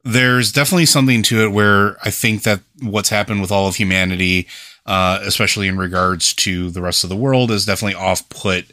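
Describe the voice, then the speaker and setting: Guy on a podcast, kinda low voice but bright and punchy, dry close mic, rambles with lots of ums. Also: steady tone, brisk, no room sound. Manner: easygoing, rambling with fillers. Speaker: podcast co-host. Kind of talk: casual chat.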